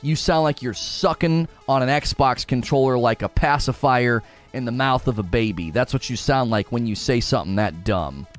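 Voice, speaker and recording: A man hosting a livestream, ranting at his chat in an exasperated, sarcastic, mocking way. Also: a little high. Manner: mock voices of chatters. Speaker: livestream host.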